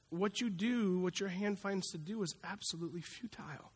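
A man's voice: high-pitched, moderate pace, few pauses, slightly rough. A man preaching a sermon in a conversational, folksy way, acting out little asides as he goes. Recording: long hall reverb.

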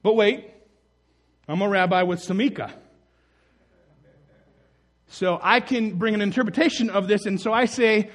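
A man preaching a sermon, acting out the scenes in character voices and swinging from loud bursts to soft, low lines. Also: measured pace, long pauses. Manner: animated, acts out the story in voices, rises loud then drops soft. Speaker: pastor.

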